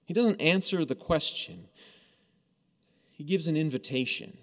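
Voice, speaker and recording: Preacher guy chatting through a sermon, kinda high voice, big echoey hall. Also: measured pace, long pauses. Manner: conversational, animated storytelling with acted quotes. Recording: long hall reverb.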